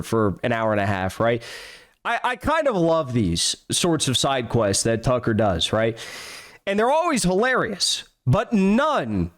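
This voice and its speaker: A man's voice: medium pitch, smooth. A man hosting political commentary, sarcastic and rambling, full of fillers like "like" and "you know". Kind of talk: casual commentary over clips.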